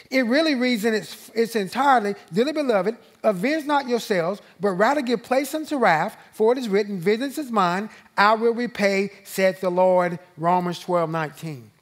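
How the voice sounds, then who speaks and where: A male pastor teaches a Bible study in a high, slow, emphatic voice. He repeats his main phrases and lifts his voice as he reads scripture aloud. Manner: rises and slows when reading scripture aloud.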